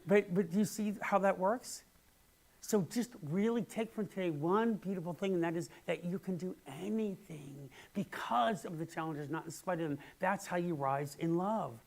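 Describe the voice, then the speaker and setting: A male minister giving a sermon in an earnest way, dropping to hushed words and then rising to emphatic ones. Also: high-pitched, moderate pace, gravelly, hardly any pauses. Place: church sanctuary.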